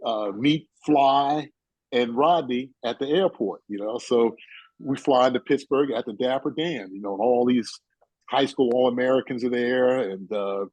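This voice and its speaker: A man's voice: medium pitch, normal speed, darkish tone, no room sound, poor audio. A man in his sixties from New York, a guest telling rambling stories full of "you know" and "uh". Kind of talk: casual storytelling chat.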